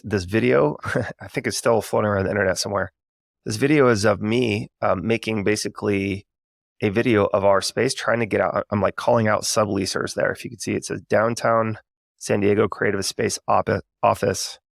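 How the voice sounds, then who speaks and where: Podcast host, thirties, man; low gravelly voice, earnest unscripted storytelling, dry close sound. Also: no echo. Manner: conversational, many fillers, earnest and reflective. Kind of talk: candid storytelling monologue.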